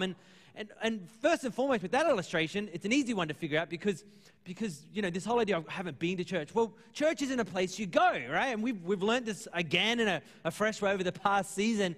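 Earnest high-voiced pastor in a hall. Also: male voice, animated, fast, a bit bright. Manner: conversational, earnest, acts out dialogue. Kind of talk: sermon.

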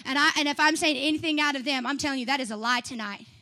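A young woman preaching a sermon, swinging from fiery shouts to chatty asides. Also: high voice, quick pace. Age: young adult.

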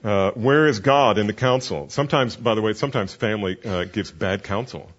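A man's voice: on the low side, fairly quick, highs cut off. A man who is a pastor and counseling mentor, teaching a class in an earnest, conversational way with many fillers.

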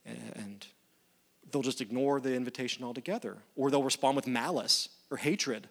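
A man's voice: mid-range voice, moderate pace. Conversational man preaching a sermon. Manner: conversational, animated retellings of dialogue. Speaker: pastor.

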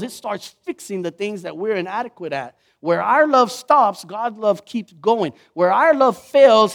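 A man preaching a sermon in an animated way, acting out the voices he quotes. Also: high voice. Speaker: pastor.

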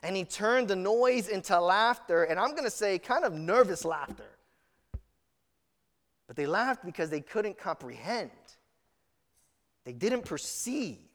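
A man's voice: sits high, lively intonation, a little slow, long pauses, fairly bright tone, long reverb tail. A man preaching a sermon as pastor, telling stories earnestly with frequent restarts.

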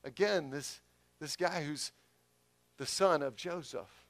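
A man's voice: a little high, slow, creaky, dry recording. Man preaching a conversational sermon. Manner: conversational preaching, rises loud for emphasis. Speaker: pastor.

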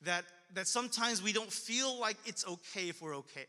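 Male pastor, casual earnest sermon delivery, bright tone, long reverb of a church hall. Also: sits high, animated, normal speed. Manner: earnest, conversational, repetitive.

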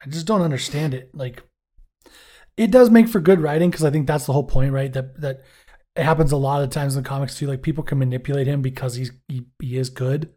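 A man's voice: medium pitch, fairly even intonation, fast, dark tone. Rambling, foul-mouthed male podcast co-host. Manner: swears freely, jokey and rambling. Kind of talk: casual chat, reviewing a TV episode.

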